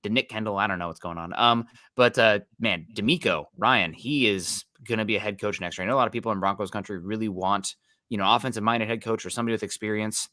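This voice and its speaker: A man's voice: fairly low pitch, fast, sharp tone, dry recording, studio quality. A man co-hosting a live sports podcast, greeting viewers and reading their comments in an easygoing way. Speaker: podcast co-host. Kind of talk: casual live-stream sports chat.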